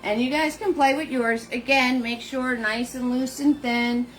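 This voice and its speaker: A woman leading a live painting lesson, chatty and warm with viewers, greeting them by name in sing-song hellos. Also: sits high, fairly even intonation, measured pace, soft background music. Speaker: painting instructor.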